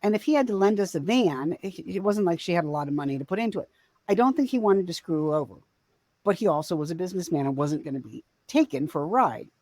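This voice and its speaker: A woman's voice: fairly low pitch, animated, fast, darkish tone, no echo. Woman rambling thru an old family story, dry close sound, fixes herself mid sentence. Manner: rambling, self-correcting storyteller. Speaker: podcast co-host. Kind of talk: casual storytelling chat.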